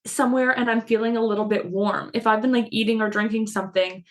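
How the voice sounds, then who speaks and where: A woman's voice: on the high side, fairly even intonation, fast. A woman co-hosting a casual spiritual podcast, chatty and self-mocking, laughing often as she talks. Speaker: podcast co-host. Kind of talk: casual chat.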